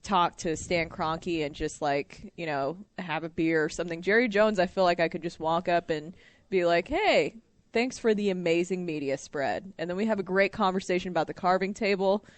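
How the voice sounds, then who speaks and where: A woman's voice: on the low side, normal speed, no room sound. A woman co-hosting a sports talk radio show, chatting and teasing in a casual way.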